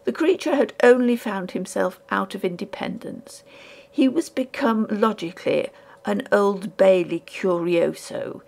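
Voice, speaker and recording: Gravelly woman narrating a ghost story. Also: mid-range voice, a little slow, a little mellow. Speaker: audiobook narrator.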